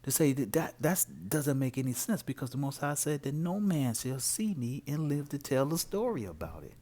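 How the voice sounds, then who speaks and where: Animated man preaching with lively pitch. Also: normal speed. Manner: animated, emphatic, rhetorical questions. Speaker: religious commentator. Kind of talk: informal preaching to camera.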